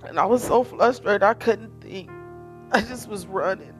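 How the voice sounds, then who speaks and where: A woman's voice: mid-range voice, normal speed, soft background music. A middle-aged woman, a bereaved mother giving an emotional personal testimony, tearful, her voice rising as she tells it.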